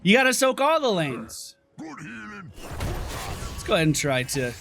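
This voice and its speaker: Guy narrating his gameplay, high voice that jumps all over, chatty and explainy. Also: takes it slowly, creaky, music in the background. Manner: chatty, explains abilities while playing; excited reactions to the action. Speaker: gameplay commentator. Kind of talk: casual let's-play commentary.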